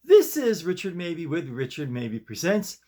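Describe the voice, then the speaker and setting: A man's voice: a little high, wildly swooping pitch, measured pace, a little mellow. A man hosting his own video show, telling a story in a casual, rambling way with many restarts, recorded in his bedroom. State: shaken up. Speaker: host.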